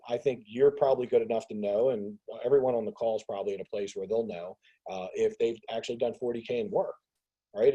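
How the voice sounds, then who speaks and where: A man hosting a business group call on a video call, talking casually in an animated rant. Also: mid-range voice, fast talker, breathy edge, rough recording. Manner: animated ranting, acts out others' voices. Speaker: host of a business mastermind call.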